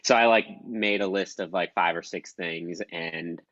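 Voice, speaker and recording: Woman cohost, real low voice, muffled dry recording, kinda rambly with little laughs. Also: measured pace, a bit bright, dry recording. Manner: rambling, laughs between thoughts. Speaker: podcast co-host. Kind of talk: casual chat among friends.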